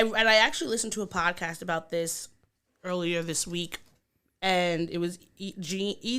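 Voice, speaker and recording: A woman co-hosts a podcast, chatting openly and casually, and she livens up whenever she teases her co-host. Her voice sits on the low side and sounds smooth.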